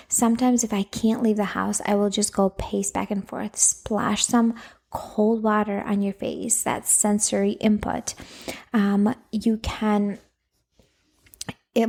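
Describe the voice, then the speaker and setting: A woman's voice: medium pitch, creaky, warm tone. A woman hosting a Christian parenting podcast, giving practical advice in a casual, encouraging way with frequent fillers. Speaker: podcast host, anger coach for moms.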